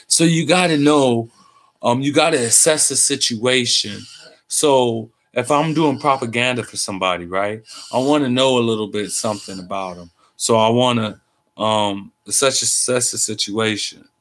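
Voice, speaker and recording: A man's voice: mid-range voice, normal speed, a bit bright. A tired man talking in a casual, rambling monologue, cursing freely and using street slang. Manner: profane, meandering, street slang. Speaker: host.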